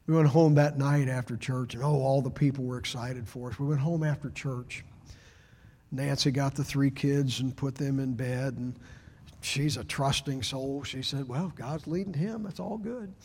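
A middle-aged man preaching a sermon as pastor, swinging from loud shouts down to hushed whispers. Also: medium pitch, flat delivery, moderate pace. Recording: long reverb of a large hall.

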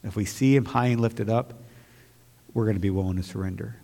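A man preaching a sermon as pastor to his church, moving from quiet, reflective talk to loud, fervent outbursts. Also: on the low side, a little fast, vocal fry, big-room sound.

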